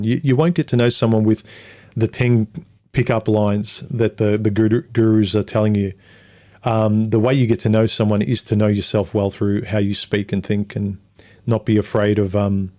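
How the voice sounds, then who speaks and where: A man's voice: on the low side, warm tone. A man hosting a livestream, reading viewer comments and talking through them in a rambling way, sometimes mocking others in put-on voices. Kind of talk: casual livestream monologue.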